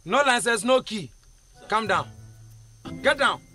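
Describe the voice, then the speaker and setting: An actor playing a bossy male traffic police officer with a Ghanaian English accent, blustering and quick to accuse. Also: high voice, animated, pushed and bright, faint music behind, full character voice. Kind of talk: comedy film acting.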